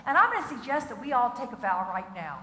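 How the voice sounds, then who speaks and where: Animated high-voiced woman comic speaker. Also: quick pace. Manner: animated, playful, bursts into song. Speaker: motivational keynote speaker. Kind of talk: comedic keynote with singing. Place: large auditorium with audience. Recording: echoey hall, faint noise.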